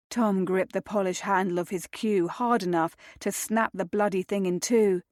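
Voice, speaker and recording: A woman reading a romance novel aloud in measured, even scripted narration. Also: mid-range voice, dry recording, studio quality. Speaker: audiobook narrator.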